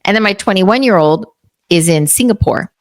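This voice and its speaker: Hosting a podcast, a woman from Texas in her fifties keeps the interview chatty, her mid-range voice expressive and her pace moderate. She tells family stories, performing the quoted lines as she goes.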